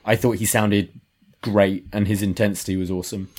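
A man's voice: fairly low pitch, little pitch movement, brisk, darkish tone. A man co-hosting a casual wrestling review podcast, giving wry, thoughtful opinions. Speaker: podcast co-host.

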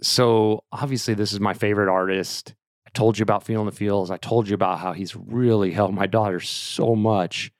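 Earnest man with a low voice. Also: fairly even intonation, normal speed, no room sound, studio quality. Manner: earnest, emotional, full of fillers like "like". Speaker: podcast host. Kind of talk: personal storytelling.

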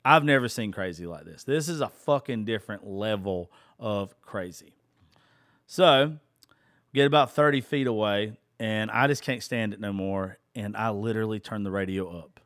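A man's voice: lowish voice, normal speed, fairly bright tone, no echo, studio quality. Cussing man with a drawl. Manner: blunt, cussing, exasperated. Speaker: podcast host. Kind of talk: profane personal storytelling.

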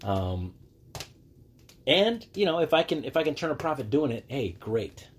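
A man in his forties hosting a casual solo podcast, rambling with restarts and acting out quoted greetings in a higher voice. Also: sing-song, moderate pace, husky. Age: 40s. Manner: rambling with many restarts and fillers. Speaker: podcast host.

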